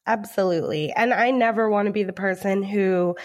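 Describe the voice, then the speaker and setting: A woman's voice: mid-range voice, fairly quick. A woman who is a project manager, answering as a guest in a casual podcast interview with an upbeat manner.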